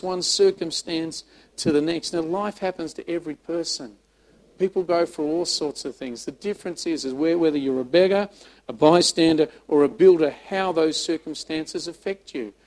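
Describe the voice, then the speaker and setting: A man preaches a sermon in a slightly higher-than-usual voice. He is emphatic, repeats words, and swings from loud passages to soft ones. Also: rough recording. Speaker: pastor.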